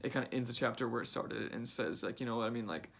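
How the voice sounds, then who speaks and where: A young man recaps a book chapter in a loose, chatty way, packing his talk with fillers. He speaks quickly, and his voice has a gravelly fry running through it. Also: medium pitch, fairly bright tone. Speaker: reader summarizing a book. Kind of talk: casual book summary.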